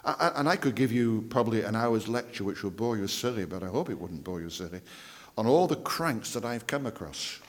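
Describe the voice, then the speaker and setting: Preacher, low voice, echoing hall. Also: male voice, animated. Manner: emphatic, drawn-out phrasing with dramatic drops to a hush. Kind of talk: sermon. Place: church. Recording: reverberant church hall.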